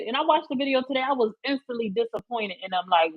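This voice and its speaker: High husky woman, live-stream chat. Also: fast, hardly any pauses, dry recording, phone-quality sound. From Philadelphia. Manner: chatty, greets viewers by name, emphatic slang.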